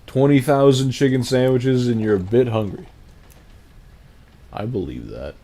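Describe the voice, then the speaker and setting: A man's voice: mid-range voice, measured pace, mellow. A man streaming a game, chatting casually and rambling as he reads and answers his chat.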